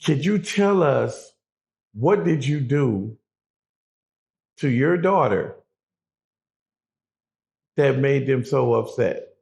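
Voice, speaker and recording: A man's voice: mid-range voice, lively intonation, extremely slow, gravelly, long pauses, darkish tone. A middle-aged man, a guest, telling a prison story in casual, profane street talk, acting out the people he quotes.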